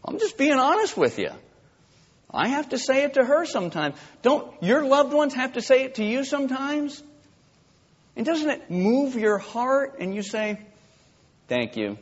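A male pastor preaching a sermon, impassioned and swinging from quiet to loud. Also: very high-pitched, sing-song, a little slow. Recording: dull lo-fi with long church reverb.

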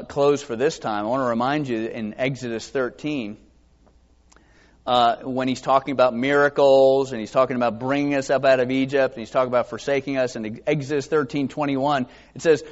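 A man preaching a sermon in a conversational, self-deprecating way, acting out the quotes he reads. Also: mid-range voice. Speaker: pastor. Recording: dull lo-fi sound.

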